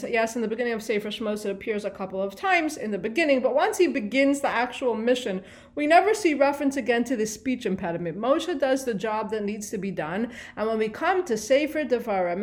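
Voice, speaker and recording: A woman giving a Torah lesson on the weekly portion. She asks rhetorical questions and translates Hebrew phrases line by line. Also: on the high side. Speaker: Torah teacher.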